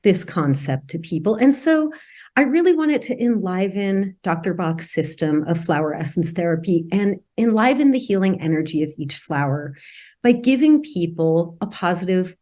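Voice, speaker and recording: A woman author and healer, a podcast guest, explaining her work in a gentle, earnest way. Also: on the low side. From United States. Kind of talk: interview conversation.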